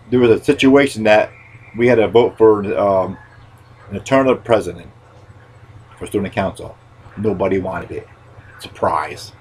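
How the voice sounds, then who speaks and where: A man hosting a podcast, telling a story in a loud, rambling way and swearing freely. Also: lowish voice, husky, low-quality recording. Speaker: podcast host.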